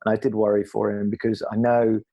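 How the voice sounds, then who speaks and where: A middle-aged man from England talks candidly in an interview, his low voice staying level and even. He is earnest and reflective, and he often circles back and restarts phrases as he gathers his thoughts. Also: fairly quick, highs cut off. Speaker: podcast guest, former athlete.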